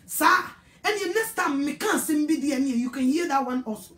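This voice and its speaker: High-voiced Ghanaian woman preaching. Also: animated, moderate pace, roomy sound. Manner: scolding, emphatic preaching. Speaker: evangelist. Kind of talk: sermon.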